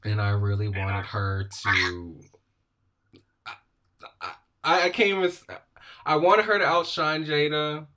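A man's voice: a little high, fairly even intonation, measured pace, long pauses, sharp tone. A man hosting a casual chat show, rambling with many restarts and giggling. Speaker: podcast host.

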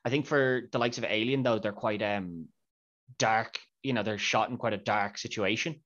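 A man hosting a casual podcast, an animated storyteller who likes to act out the people he talks about. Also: lowish voice, normal speed. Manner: animated storyteller, acts out others' lines. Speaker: podcast host. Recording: dull lo-fi audio.

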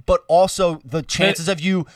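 Halting young man, slightly high voice. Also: steady tone, dry recording, studio quality, recorded from a distance. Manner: talks in halting bursts, backchannels often. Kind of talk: casual podcast chat.

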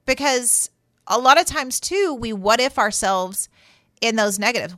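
A woman therapist talks through advice in a relaxed, emphatic way, sometimes playing out the doubting voices in people's heads. Her voice is bright and forward, recorded close and dry with no room sound. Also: on the high side, unhurried, dry recording. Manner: conversational, emphatic, acts out inner voices. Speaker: therapist host. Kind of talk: advice monologue.

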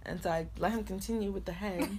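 A woman's voice: medium pitch, fast, mellow, breathy edge. A young woman co-hosting a podcast, telling a long story in casual chat and acting out the quotes with changed voices. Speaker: podcast co-host.

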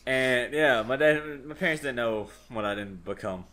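A man's voice: mid-range voice, moderate pace, a bit bright. A young man, a podcast co-host, telling a rambling story in casual chat and swearing freely.

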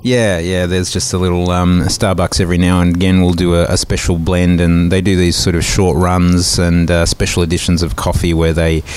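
A man's voice: low-pitched, a little mellow, smooth. A middle-aged man chatting casually as a podcast guest, rambling with fillers and restarts. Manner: rambling, many fillers and restarts, laughs easily. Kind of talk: casual conversational storytelling.

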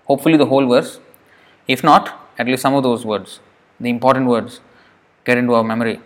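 A man's voice: mid-range voice, steady tone, brisk. A man giving a devotional scripture class in an earnest way, often repeating words for emphasis. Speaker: lecturer.

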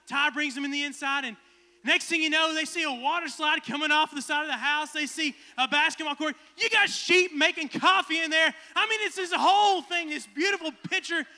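Male pastor, 20s, storyteller turned fervent preacher; very high pitch, dry close sound. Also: fairly quick, dry recording. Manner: casual, animated storytelling building to fervent preaching. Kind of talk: storytelling sermon.

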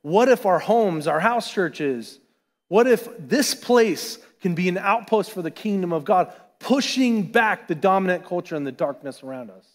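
Pastor, male, fairly high voice, chatty animated sermon, long church reverb. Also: moderate pace. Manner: conversational, animated preaching with asides. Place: church sanctuary.

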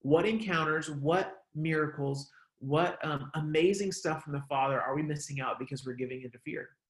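A man's voice: a little high, moderate pace, reverberant. A man preaching a casual online sermon, talking conversationally with lots of "like" and "um". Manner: conversational, many fillers like "like" and "um". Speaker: pastor.

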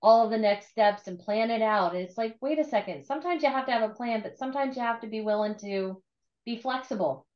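A woman's voice: on the high side, brisk, echoey room, muffled recording. A woman host talking in a reflective, earnest way in casual conversation.

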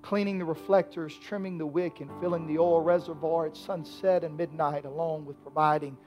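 A man preaching a sermon in a high, bright-toned voice, dropping to near whispers and then climbing into shouts. Faint instrumental music plays softly behind him. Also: fairly even intonation, a little fast. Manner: preaching with swells from hushed to shouted. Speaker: pastor.

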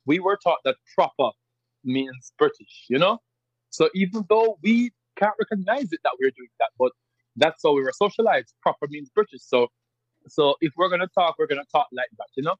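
A man from Jamaica with a strong Jamaican accent, a podcast guest speaking in emphatic, animated conversation and often repeating himself. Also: on the high side, moderate pace, no echo, muffled recording. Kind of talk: casual conversation.

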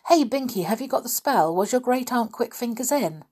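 Woman doing young girl, storybook, anxious, pleading, pitched up. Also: animated, moderate pace, a little mellow, breathy edge. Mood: impatient.

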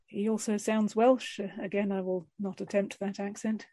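A woman narrating as game master in a relaxed, dry way. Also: medium pitch, normal speed, no room sound.

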